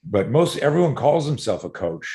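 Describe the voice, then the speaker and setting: A middle-aged man, a self-defense coach, telling stories as a podcast guest in an animated way, swearing casually and full of fillers. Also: medium pitch, moderate pace.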